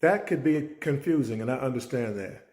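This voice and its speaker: A man's voice: medium pitch, moderate pace, a little mellow, reverberant. A man who is a teacher and mentor, telling a story as a life lesson and acting out the dialogue. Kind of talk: spoken life-lesson talk.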